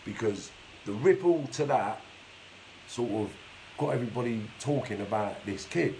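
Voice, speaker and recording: A man's voice: medium pitch, lively intonation, normal speed, creaky, a little mellow, slight background noise, rough recording. A man telling his life story on a live stream in a blunt, streetwise way, swearing constantly. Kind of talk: casual storytelling monologue. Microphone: phone or webcam for a live stream.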